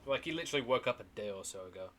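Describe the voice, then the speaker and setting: A man hosting a game stream, chatting in a halting, casual way about the cutscenes. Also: mid-range voice, expressive, fairly bright tone, a little hiss or hum. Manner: chatty and halting, laughs often. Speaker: streamer host.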